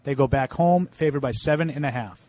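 A man's voice: mid-range voice, brisk, a little mellow. Guy hosting a football picks segment, middle voice, reads out the lines. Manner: reads out matchups and lines, then gives his pick. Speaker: host running the picks segment. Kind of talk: casual sports panel chat.

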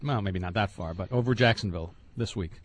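A man's voice: lowish voice, quick pace, slight background noise. A man co-hosting a sports radio show, giving his picks in a plain, understated way. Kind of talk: casual sports talk, making picks.

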